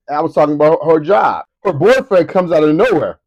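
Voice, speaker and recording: A man's voice: on the high side, brisk, highs cut off. A man in his thirties co-hosting a casual comedy podcast, telling stories and acting out the people in them. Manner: animated storytelling, acts out voices. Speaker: podcast co-host.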